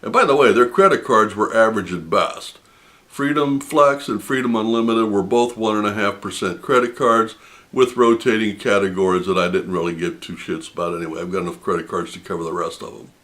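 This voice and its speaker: A man with a fairly low, steady, slightly bright voice speaks briskly as he hosts a personal finance channel. Addressing the camera, he retells a phone argument with indignant, heavy emphasis, laughing in disbelief as he goes.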